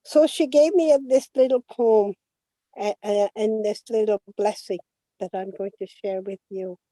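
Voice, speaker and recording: Older woman, unhurried gentle halting speech, mellow tone, dry video-call sound. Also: mid-range voice, steady tone, dry recording. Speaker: guest elder. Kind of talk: prayer and blessing in a virtual event.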